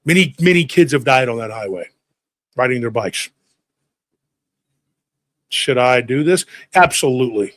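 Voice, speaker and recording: A man in his forties casually telling a lively childhood story, acting out family members' voices along the way. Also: medium pitch, measured pace, pauses often, no echo.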